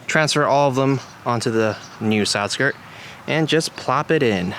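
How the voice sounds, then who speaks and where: A man's voice: medium pitch, a little slow, fairly bright tone, a little hiss or hum. A young man casually walking through a car parts install outdoors, swearing now and then and hyped about the parts. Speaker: car modding vlogger. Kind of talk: casual how-to narration. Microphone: wireless clip-on mic. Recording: background music under voice.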